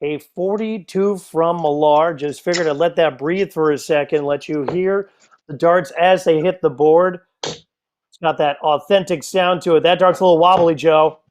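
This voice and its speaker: A man's voice: fairly high pitch, steady tone, normal speed, darkish tone, slight background noise. A man from the United States doing live darts commentary, chatty and joking in asides to viewers.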